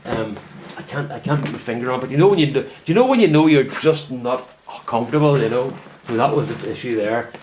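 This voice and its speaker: A man's voice: mid-range voice, lively intonation, quick pace, darkish tone, slight background noise. A man with a Northern Irish accent chatting casually to camera from his greenhouse, rambling and correcting himself as he tells a story. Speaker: vlogger. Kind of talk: casual chat.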